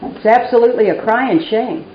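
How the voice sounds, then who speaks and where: A woman's voice: a little high, a little fast, a little hiss or hum. A middle-aged woman from Texas giving a personal recovery talk, candid and wry, poking fun at herself as she tells her story. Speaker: recovery meeting speaker. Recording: roomy, dull live recording.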